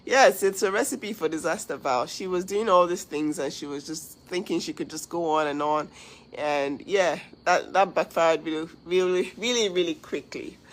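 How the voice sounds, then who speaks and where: A woman's voice: lowish voice, normal speed, low-quality recording. A woman hosting a casual livestream, talking earnestly to viewers, giving advice and thanking them. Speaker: livestream host.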